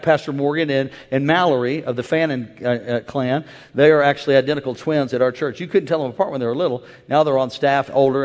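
Pastor, male, high voice, call-and-response sermon, rising to shouts, big echoing church hall. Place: large church auditorium. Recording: long hall reverb.

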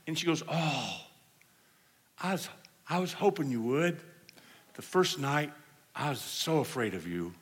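A man preaching at a healing service, telling stories in an animated way and laughing along with the congregation. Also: fairly high pitch, measured pace, long pauses, breathy edge. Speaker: evangelist. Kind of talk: storytelling sermon. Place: church service. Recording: hall reverb, faint room noise.

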